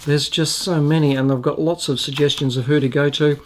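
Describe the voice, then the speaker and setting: Chatty Australian man, slightly high voice. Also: fairly even intonation, a little fast. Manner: chatty and rambling, frequent ums and restarts. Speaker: food reviewer and channel host. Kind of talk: casual taste-test vlog and Q&A.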